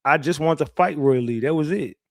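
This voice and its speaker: Man, raised pitch, dry sound, casual livestream recap, profane, restarts a lot. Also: a little fast, dry recording. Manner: profane, animated retelling with repeated restarts. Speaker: livestream host recapping a court hearing.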